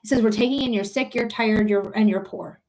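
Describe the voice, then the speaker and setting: A woman's voice: medium pitch, a little fast, a little mellow. A woman hosting a psychic livestream, thanking viewers and ranting angrily with lots of swearing. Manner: swears freely, talks straight to viewers. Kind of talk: casual livestream chat and ranting.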